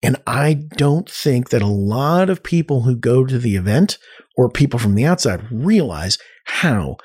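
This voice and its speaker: A man telling stories in a casual podcast chat, animated and rambling, with many restarts. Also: mid-range voice, measured pace, slightly rough. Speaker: podcast guest.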